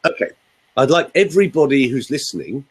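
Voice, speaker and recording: A man's voice: mid-range voice, sing-song, brisk, slightly rough, rough recording. An older man, a voice coach explaining and demonstrating voice technique in a theatrical way on a radio show. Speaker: voice coach guest.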